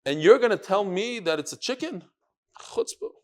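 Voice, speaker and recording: A man's voice: high-pitched, animated, a little fast, noisy background. A man, a rabbi, teaching a live Talmud class in a study hall. He tells stories with flair, acts out the quotes and talks straight to his students.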